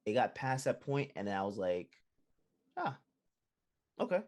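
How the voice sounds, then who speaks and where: A man's voice: medium pitch, big pitch swings, unhurried, a little mellow. A man co-hosting a casual chat over a video call, emphatic and often repeating himself. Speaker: co-host.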